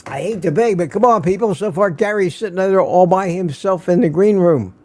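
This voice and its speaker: A man's voice: sits high, brisk, a little mellow. An older man hosting a casual livestream, greeting viewers by name and reading their comments aloud in a folksy way. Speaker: livestream host.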